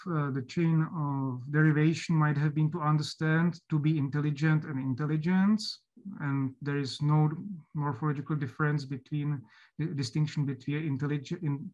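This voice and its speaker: Hesitant, higher-voiced male lecturer. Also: fairly even intonation, unhurried, darkish tone, highs cut off. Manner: hesitant, many fillers and restarts. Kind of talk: academic lecture.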